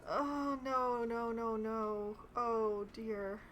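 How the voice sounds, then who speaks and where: High-voiced woman streaming a game. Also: drawn-out words, slight background noise. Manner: expressive, self-mocking, groaning at failures. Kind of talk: casual game-stream commentary.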